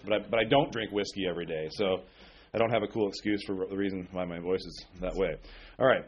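A pastor with a weak voice, under the weather with a cold, preaching in a folksy, conversational way that keeps checking in with "okay?". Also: male voice, deep voice, fairly even intonation, fast talker, slightly rough. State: sick with a cold. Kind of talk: conversational sermon. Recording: dull lo-fi recording.

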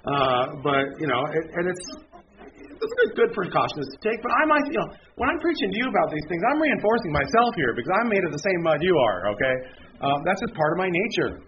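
A man's voice: fairly high pitch, very animated, a little fast. Rambling self-mocking man preaching, muffled. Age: 30s. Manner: rambling, self-deprecating, frequent restarts. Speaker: pastor. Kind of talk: casual conversational sermon. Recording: muffled, noisy lo-fi recording.

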